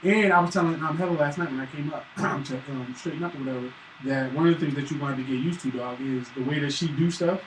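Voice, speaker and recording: Man, high voice, animated profane storyteller; distant roomy live-stream audio. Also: fast talker, hardly any pauses. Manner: animated, profane, acts out his son's voice. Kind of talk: casual chat, storytelling. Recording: roomy, distant mic, faint hiss.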